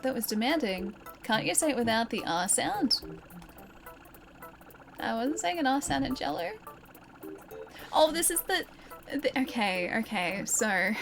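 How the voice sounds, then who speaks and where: Young Australian woman streamer, chatty, laughs a lot, voice slightly high, game music behind. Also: a bit bright. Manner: chatty, laughs often, talks to chat. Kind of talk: casual gameplay chat.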